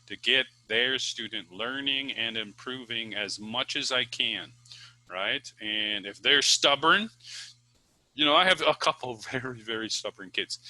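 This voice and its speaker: A chatty man talks about teaching English, full of fillers and quick restarts. His voice is very bright and forceful, at a middle pitch. The sound is dry and close, with no room around it. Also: dry recording, poor audio. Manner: chatty, many fillers and restarts, lively ups and downs. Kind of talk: casual talking-to-camera advice.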